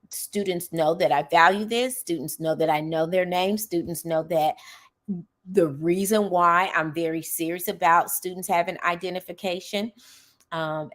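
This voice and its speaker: A middle-aged woman teacher talks through her classroom habits on her podcast. Her voice sits a little low for a woman. She is earnest and emphatic, checking in with an "okay?" as she goes. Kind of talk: casual podcast monologue.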